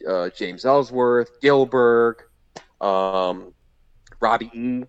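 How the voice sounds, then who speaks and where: A man's voice: medium pitch, drawn-out words, smooth, dry recording. Rambling man telling a wrestling story. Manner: rambling, many fillers and restarts. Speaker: podcast guest, former indie wrestler. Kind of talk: casual storytelling. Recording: slightly muffled lo-fi audio.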